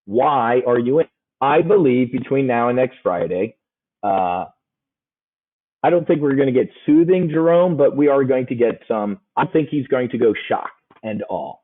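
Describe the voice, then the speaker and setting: Brash male trading coach with a husky voice, joking through a casual live webinar; tinny phone-line sound. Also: mid-range voice. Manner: brash, joking, calls listeners "man".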